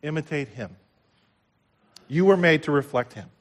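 A male pastor delivering a sermon in a slightly raised voice. He preaches with passion, rising to loud declarations and dropping to near-hushed lines. He repeats key phrases for emphasis. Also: a little high, expressive, moderate pace. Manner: impassioned preaching with big swings from loud to hushed.

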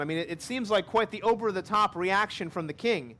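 This is a man with a notably high voice preaching a sermon. He walks through a scripture passage step by step and repeats his main points for emphasis. He is in his thirties. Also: a little fast, hardly any pauses, pushed and bright. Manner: expository preaching with repeated key lines and acted quotes. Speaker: pastor.

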